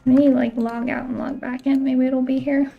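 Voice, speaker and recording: A woman's voice: sits high, level tone, moderate pace, vocal fry, narrow, tinny audio, soft background music. A woman streaming a game and chatting casually, filling her talk with "like" and the odd swear word. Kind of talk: casual chat while playing a game.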